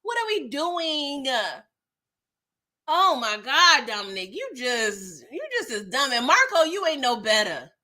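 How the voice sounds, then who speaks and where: A woman's voice: a little high, very animated, normal speed, few pauses, pushed and bright. A young woman hosting a casual recap of a TV episode, chatty and slangy, reacting with exasperation. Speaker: TV recap host.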